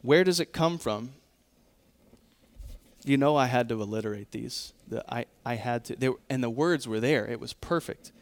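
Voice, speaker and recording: A man pastor preaching a sermon, earnest and emphatic, often quoting scripture and pausing to correct himself. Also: mid-range voice.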